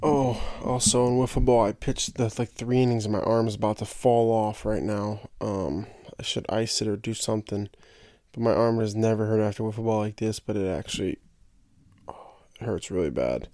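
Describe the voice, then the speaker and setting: A man's voice: fairly low pitch, level tone, fairly quick, dark tone, dry recording, clean studio sound. A young man hosting a podcast, rambling and joking in casual solo chat and tripping over his own words. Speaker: podcast host.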